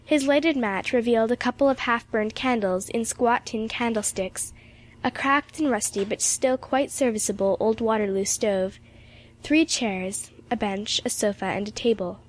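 A woman narrates an audiobook with a steady, expressive reading. Her voice sits a little high for a woman. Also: moderate pace.

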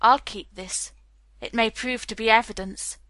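A woman reading the part of a gruff, grouchy middle-aged police captain with a curt, grumbling manner. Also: on the high side, fairly even intonation, measured pace, sharp tone, dry recording.

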